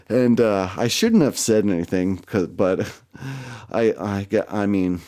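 A man's voice: on the low side, expressive, a little slow, warm tone. Rambling, profane man telling a story. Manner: rambling, profane, self-mocking, many fillers. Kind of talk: casual storytelling.

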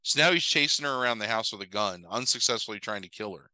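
A fast-talking man with a lowish voice co-hosts a podcast, casually rambling and swearing through an animated film recap complete with quoted voices. There's no echo, but the audio is poor.

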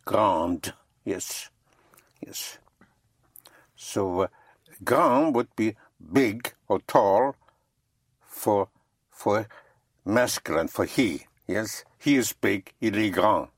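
A French teacher giving a slow, patient one-on-one lesson and spelling words out letter by letter. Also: low voice, expressive, husky, dry recording, studio quality.

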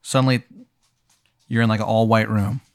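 A man's voice: fairly low pitch, little pitch movement, moderate pace, clear, resonant tone, dry recording, clean studio sound. A young adult man narrating a comedic tabletop game as game master. He rambles, with frequent fillers and restarts.

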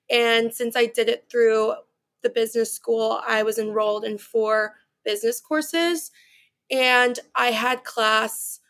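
A woman's voice: fairly high pitch, vocal fry, fairly bright tone. A young woman in her twenties answering interview questions in a chatty, casual way, often saying "you know" and "like". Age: 20s. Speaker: study-abroad student guest.

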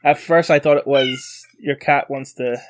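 A man's voice: medium pitch, steady tone. Casual man recapping a comic. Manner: recaps the plot haltingly with restarts. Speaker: podcast co-host. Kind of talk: casual chat.

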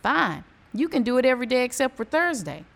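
Woman reading as a gruff navy captain. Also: sits high, very animated, brisk, heavily acted. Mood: deadpan.

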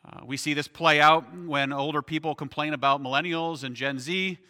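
Man, pastor, conversational sermon, ringing bright voice, reverberant hall. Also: a little high, fairly even intonation, normal speed. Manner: conversational preaching with frequent "right?" asides.

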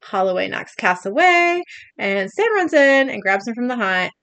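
A woman's voice: a little high, sing-song, normal speed, a bit bright, no room sound. A young woman co-hosting a podcast, reading scenes out in a casual recap and often laughing and breaking off. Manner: narrates scenes, laughs and breaks off mid-read. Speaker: podcast co-host recapping an episode.

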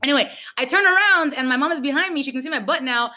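A woman from Cuba hosting a podcast, chatting casually and telling stories in an animated way, slipping into Spanish. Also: high-pitched, quick pace. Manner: animated storyteller, mixes in Spanish. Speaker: podcast host. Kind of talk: casual chat.

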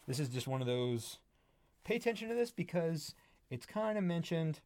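A man co-hosting a casual book-discussion podcast, animated and acting out his reactions. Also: moderate pace, dry recording. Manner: animated, acts out his own reactions with big pitch jumps. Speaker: podcast co-host.

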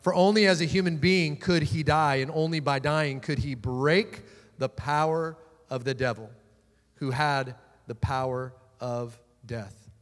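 A man's voice: a little high, fairly even intonation, unhurried. Male pastor preaching in a reverberant hall. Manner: emphatic preaching, swinging from loud declarations to quiet asides. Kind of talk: sermon.

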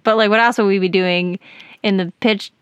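A woman hosting a podcast, telling a personal story in casual chat, animated and giggly with lots of fillers. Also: medium pitch, moderate pace, clean tone, no echo, highs cut off. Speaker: podcast host.

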